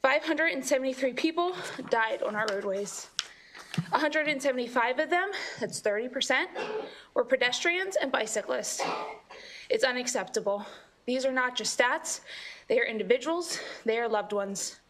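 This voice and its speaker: A woman's voice: high voice, expressive, moderate pace, a bit bright. A woman, a state agency official, giving a prepared statement at a legislative hearing, somewhat out of breath. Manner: apologetic, then reads a prepared statement. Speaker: government affairs director testifying. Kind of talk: formal testimony at a legislative hearing.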